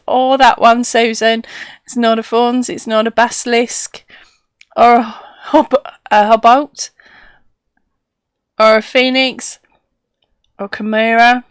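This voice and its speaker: A woman's voice: on the high side, dry recording, clean studio sound. A woman hosting a casual live stream, chatty and laughing often as she reads out viewer comments.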